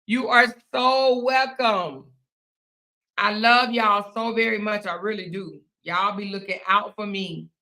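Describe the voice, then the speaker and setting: A woman's voice: mid-range voice, steady tone, a little slow, pushed and bright. A woman in her fifties hosting a casual livestream, reading viewer comments aloud, laughing and fighting the hiccups, calling her viewers honey and girl. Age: 50s. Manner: laughing, drawling Southern-Black-style endearments like honey and girl. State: has the hiccups. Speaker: livestream host.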